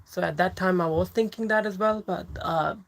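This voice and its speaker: A woman's voice: lowish voice, normal speed, vocal fry, rough recording. A woman hosting a casual livestream, chatting and laughing as she answers viewer comments. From England. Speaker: livestream host.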